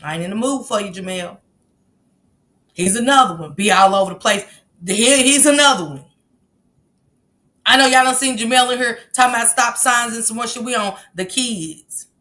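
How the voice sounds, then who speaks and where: A woman's voice: fairly high pitch, moderate pace, long pauses, bright, forceful tone. A woman hosting a casual livestream, reading the chat aloud and bluntly scolding commenters. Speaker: livestream host.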